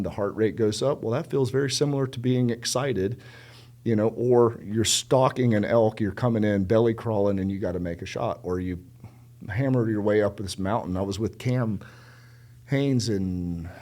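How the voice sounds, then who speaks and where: At a moderate pace, this fairly low-voiced, middle-aged South Carolinian tells stories in a casual podcast conversation. He's animated and emphatic, doubling up words for stress and performing quoted dialogue as a guest.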